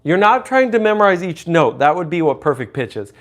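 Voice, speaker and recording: High-voiced man teaching intervals by humming. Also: very animated, brisk, fairly bright tone. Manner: hums and sings intervals to demonstrate; chats with viewers. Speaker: livestream host and music teacher. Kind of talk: casual livestream teaching.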